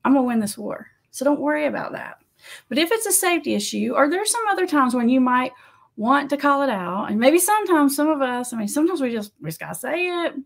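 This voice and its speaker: A woman who works as an addiction counselor, giving casual advice to camera in a conversational, animated way. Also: high voice, fast, gravelly. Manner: conversational, animated, laughs often, acts out quotes.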